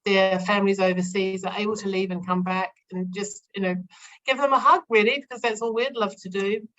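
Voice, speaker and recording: A woman's voice: mid-range voice, steady tone, brisk, fairly bright tone. A mother joins a casual interview over a video call, and her audio comes through dull and muffled. She mostly gives short answers, turning earnest when she speaks at length.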